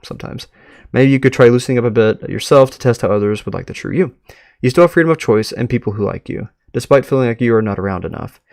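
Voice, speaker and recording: A man streaming live, reading an online story aloud and reacting with frequent laughs and excited remarks. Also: medium pitch, fast talker, creaky, dry recording, clean studio sound.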